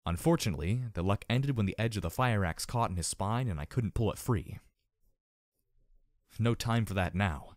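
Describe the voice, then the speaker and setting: A hoarse man narrating a fan audiobook in an expressive, dramatic reading. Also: fairly low pitch, moderate pace, no echo, clean studio sound. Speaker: audiobook reader.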